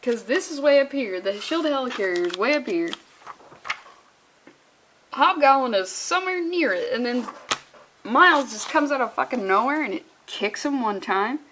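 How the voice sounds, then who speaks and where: A young woman rambles through a comic book review in a casual vlog. She is sarcastic and swears freely. Her voice sits a little high for a woman. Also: animated, moderate pace, noisy background.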